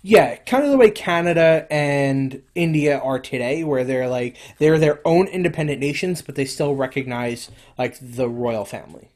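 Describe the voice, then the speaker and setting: A man's voice: on the high side, moderate pace, few pauses, darkish tone. A man co-hosting a casual history podcast, rambling with many fillers and restarts. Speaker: podcast co-host.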